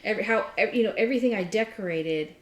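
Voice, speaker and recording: A middle-aged woman co-hosting a crafting chat, telling a story with lively acted-out quotes. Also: mid-range voice, fast talker, roomy sound. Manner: animated storytelling, acts out quotes. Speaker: crafting podcast co-host. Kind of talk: casual chat.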